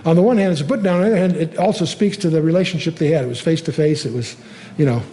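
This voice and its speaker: An older man teaching the Bible verse by verse in a conversational way, often pausing with fillers and lifting his voice to read scripture aloud. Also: a little high, warm tone. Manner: conversational, reads scripture aloud with rising emphasis, frequent fillers.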